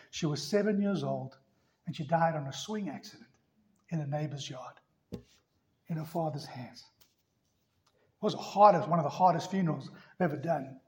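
A male pastor preaching a sermon emphatically, swinging between loud passages and hushed ones. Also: a little high, a little hiss or hum.

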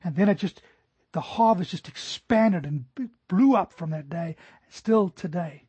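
A middle-aged man preaching a sermon earnestly, slowing down to stress scripture. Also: high-pitched, warm tone, slightly rough, no echo. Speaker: pastor. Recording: dry, dull lo-fi recording.

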